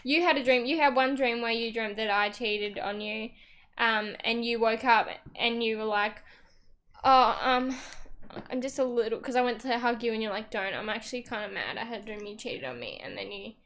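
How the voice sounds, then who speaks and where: A young woman with a fairly high voice, chatting on a podcast. She tells stories at length and breaks into giggles often. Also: normal speed, fairly bright tone. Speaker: podcast co-host. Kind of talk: casual chat.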